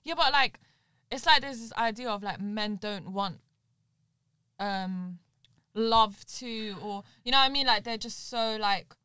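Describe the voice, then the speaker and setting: A woman's voice: on the high side, a little slow, smooth, dry recording. A young woman hosting a casual podcast, chatty and leading each topic. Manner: leads the topics, chatty and animated. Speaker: podcast host. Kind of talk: casual chat.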